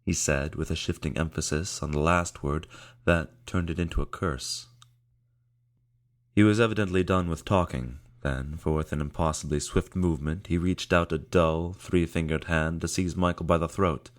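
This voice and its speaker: In this scripted narration, a man reads an audiobook in a very low, deep voice. His delivery stays steady and measured, and he lingers on key phrases as the story progresses.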